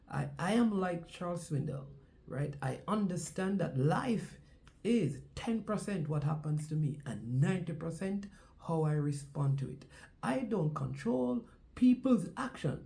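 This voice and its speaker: Jamaican male sports host, warm mellow tone, preachy repetitive delivery. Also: a little high, vocal fry. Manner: preacher-like cadence, repeats phrases for emphasis. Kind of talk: casual sports commentary with a sermon-like opening.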